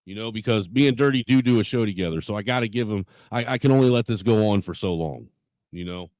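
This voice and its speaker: A man's voice: fairly low pitch, fast talker, darkish tone, no room sound, studio quality. A man hosting a casual live stream who laughs a lot and snaps back when someone talks over him. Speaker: stream host.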